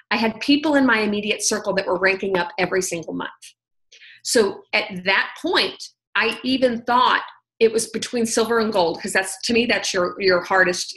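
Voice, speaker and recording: A woman tells her own story on a team conference call. She speaks in a bright, slightly tense voice and runs on chattily with lots of "like" and "oh my gosh". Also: medium pitch, poor audio. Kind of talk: personal testimony on a conference call.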